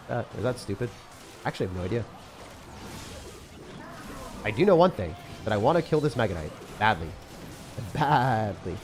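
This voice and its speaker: A man's voice: lowish voice, darkish tone. A young man giving casual, chatty gameplay commentary as a channel host. He talks in slang, jokes around and laughs often.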